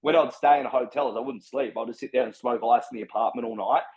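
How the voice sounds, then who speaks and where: A man's voice: medium pitch, fast talker, a little mellow, poor audio. An Australian man telling his story as a podcast guest, blunt and full of slang and swearing. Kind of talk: casual storytelling.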